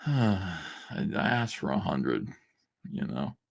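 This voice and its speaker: Low-voiced with vocal fry, a man speaks slowly yet very animatedly while reading old messages out on a stream. He ridicules them in a sarcastic, laughing way as casual live-stream commentary.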